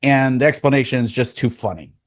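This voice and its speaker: Male co-host, crude joker, mid-pitched, dry close sound. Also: fairly quick, no room sound. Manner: joking, crude, reads aloud. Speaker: podcast co-host reading reviews. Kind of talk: casual joking chat.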